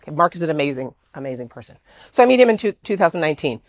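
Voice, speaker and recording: A woman speaking to an audience, telling a story in an animated way and acting out the dialogue. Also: low-pitched, rapid-fire, no echo. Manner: animated, exclaims often, acts out quoted dialogue.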